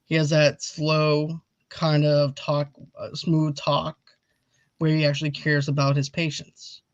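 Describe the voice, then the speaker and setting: A man's voice: a little high, completely flat delivery, slow pace, no echo. A man hosting a casual movie review chat, rambling eagerly and urging viewers to comment. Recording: dull lo-fi audio.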